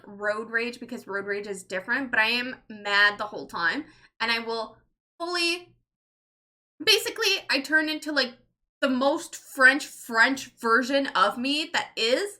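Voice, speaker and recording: A woman's voice: on the high side, bright, forceful tone. A woman in her thirties chatting casually on a livestream, rambling with lots of "like" and swearing freely. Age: 30s. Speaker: streamer. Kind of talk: casual livestream chat, reading chat.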